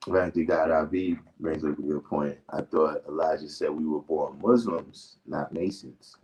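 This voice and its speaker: A man's voice: extremely low pitch, unhurried, a little mellow, rough recording. A man hosting a livestream in casual chat, laid-back and laughing often, trailing into asides. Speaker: livestream host.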